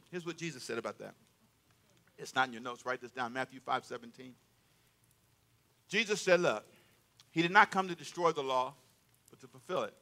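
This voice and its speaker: Male pastor, high and sharp-toned, emphatic call-and-response sermon delivery. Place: church sanctuary.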